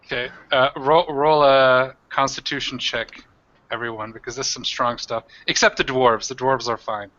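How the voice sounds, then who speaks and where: Bright-voiced man running a tabletop game. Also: medium pitch, fairly even intonation, normal speed, highs cut off. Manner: rambling, many fillers. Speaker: game master.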